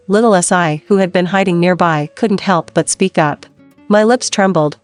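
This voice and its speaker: Woman reading a story out, calm and steady, lowish voice, soft music under it. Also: moderate pace. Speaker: narrator. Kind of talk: scripted first-person story narration.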